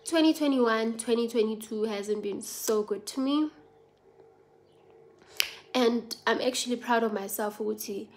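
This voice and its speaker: A woman's voice: fairly high pitch, a little slow, long pauses, darkish tone. Earnest South African woman vlogger. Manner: earnest, confiding, mixes languages. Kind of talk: personal venting vlog.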